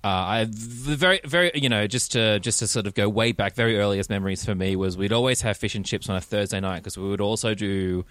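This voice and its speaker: An Australian man hosting a casual podcast, with a lowish voice. His delivery rambles and hesitates, full of fillers and self-mocking asides. The sound is dry and close. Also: brisk, few pauses, fairly bright tone, no room sound. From New South Wales, Australia. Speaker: podcast host.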